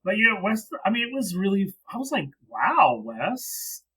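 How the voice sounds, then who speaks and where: A man co-hosting a casual podcast chat, talking in an animated, exasperated way. His voice sits a little high and bright, with a husky edge. He keeps jumping into mock quotes. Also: quick pace, rough recording. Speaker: podcast co-host. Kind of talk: casual wrestling recap chat.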